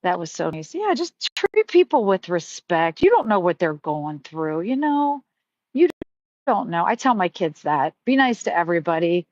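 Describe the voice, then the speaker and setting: A middle-aged woman hosting a casual live stream tells stories in a very animated voice on the low side, at a moderate pace. She's heartfelt and chatty with plenty of fillers, and the audio is dry, slightly muffled and without echo.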